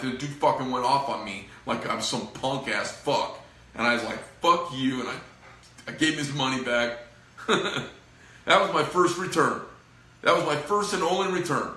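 A middle-aged man vents to camera about his business in a loose, rambling way, swearing freely and sounding fed up. His voice has a bright, forceful edge. The room around him is echoey. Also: medium pitch. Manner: profane, frustrated, rambling. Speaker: knife company owner. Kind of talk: casual venting to camera.

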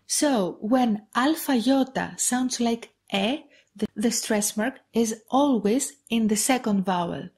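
Woman, Greek accent, language tutor, slightly high voice, slow deliberate delivery, repeats each word. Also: a little mellow. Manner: slow, careful pronunciation drills, repeating each word twice. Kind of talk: podcast lesson.

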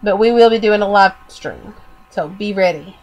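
Her voice is mid-range with a darkish tone, moving at a moderate clip. Co-hosting a podcast, she chats casually and rambles with lots of fillers, her voice fading from a cold.

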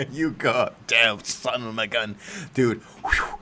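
A man hosting a live reaction stream, excitable and joking, swearing now and then. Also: medium pitch, unhurried. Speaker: watchalong host.

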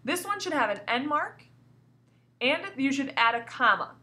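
A woman teacher walks young pupils through a recorded grammar lesson, her slightly high voice bright and ringing. She reads example sentences with deliberate, exaggerated pauses and keeps asking the class coaxing questions, her pitch swinging widely as she goes. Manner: lively, coaxing questions to students. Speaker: elementary school teacher.

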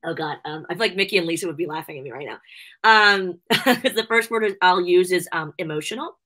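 A woman's voice: fairly low pitch, expressive, fairly quick, pushed and bright. A middle-aged woman chatting as an interview guest, gushing and emotional, laughing often as she talks. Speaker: interview guest, wrestling show host. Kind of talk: casual interview chat.

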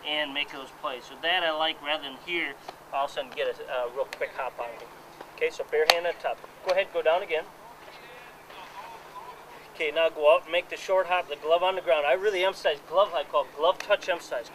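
A man teaching softball fielding technique to players at an outdoor clinic. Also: a little high. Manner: coaching players with hands-on instruction. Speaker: softball coach. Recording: noisy outdoor camera audio.

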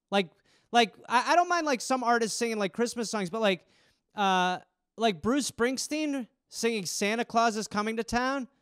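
A man's voice: high-pitched, clear, resonant tone, no room sound, studio quality. A man in his thirties hosting a podcast, telling stories in a casual monologue with lots of swearing and acted-out quotes. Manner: profane, animated, acts out quoted voices. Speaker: podcast host.

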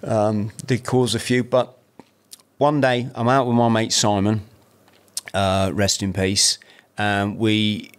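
A man's voice: on the low side, slow pace, smooth. Rambling English man telling stories. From South-East London. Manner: rambling, animated, swears, many restarts. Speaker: podcast guest. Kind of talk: casual storytelling.

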